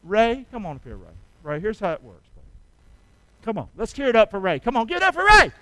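Middle-aged male preacher, bright forceful tone, swings between soft asides and loud calls to the congregation. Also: sits high, wildly swooping pitch, a little fast, poor audio. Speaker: pastor. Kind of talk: sermon.

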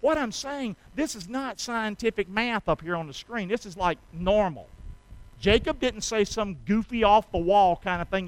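A middle-aged pastor, preaching a sermon with call-and-response that swings from soft to loud. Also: male voice, high voice, normal speed, low-quality recording.

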